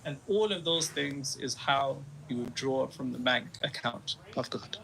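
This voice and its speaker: A man's voice: mid-range voice, a little slow, vocal fry, bright, forceful tone, low-quality recording. A man giving an earnest motivational monologue, restating his points as he goes. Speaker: motivational vlogger.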